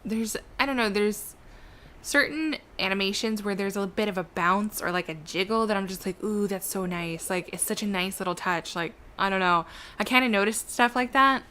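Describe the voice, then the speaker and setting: A woman's voice: medium pitch, moderate pace, pushed and bright. A woman giving chatty, giggly commentary while playing a video game. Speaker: let's play gamer.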